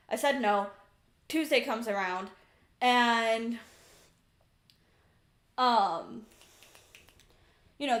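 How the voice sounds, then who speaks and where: Chatty woman streamer in an echoey room. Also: on the high side. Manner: chatty, exasperated, animated retelling. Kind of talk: casual storytelling on a livestream. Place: home room with a couch.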